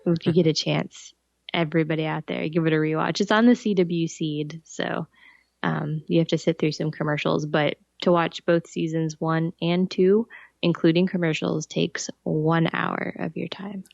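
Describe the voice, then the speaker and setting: A woman co-hosting a podcast in casual chat, agreeable and quick to laugh. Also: low-pitched, fairly even intonation, gravelly, a little mellow, no echo, highs cut off. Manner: slow, agreeable, laughs easily. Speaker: podcast co-host.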